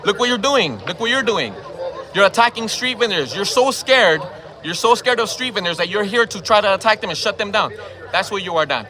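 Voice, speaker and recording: Combative man with a bright high voice. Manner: combative, repeats his questions, swears. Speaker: activist confronting people. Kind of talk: heated street confrontation. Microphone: phone camera held by the speaker.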